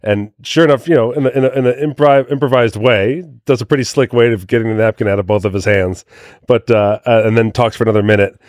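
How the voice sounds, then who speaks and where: A man co-hosting a podcast, telling anecdotes in a lively, chatty way in casual conversation. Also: mid-range voice, fast talker, no echo, studio quality. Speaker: podcast co-host. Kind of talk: casual chat, storytelling.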